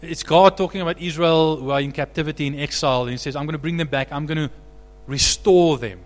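A male pastor preaches with animated energy, building to loud, emphatic peaks. His voice sits fairly high and rings out with the long echo of a church hall. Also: fast. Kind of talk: sermon.

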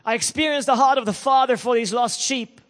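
A man preaching a sermon, telling an emotional story and building to loud declarations. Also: very high voice, a little fast, big-room sound.

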